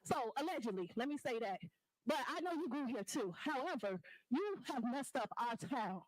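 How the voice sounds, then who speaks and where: A woman with a high voice delivers a fervent public comment at a town meeting, speaking straight at officials and accusing them. She talks into a podium microphone, and the sound is close and dry. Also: lively intonation, moderate pace, dry recording, low-quality recording. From Chicago area, US. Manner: impassioned, accusing, addresses the mayor directly. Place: crowded meeting hall.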